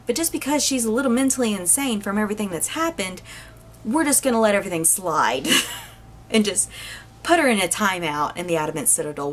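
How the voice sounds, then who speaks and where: Woman, casual book reviewer, animated, exasperated, rambling, quick to laugh. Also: medium pitch, slight background noise.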